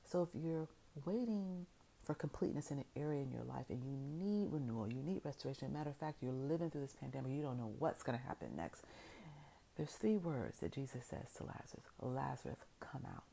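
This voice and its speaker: A woman's voice: very deep voice, animated, fairly quick, vocal fry, dark tone, rough recording. A woman giving an inspirational faith talk as a motivational speaker. She retells scripture as a story and builds her points with repeated phrases.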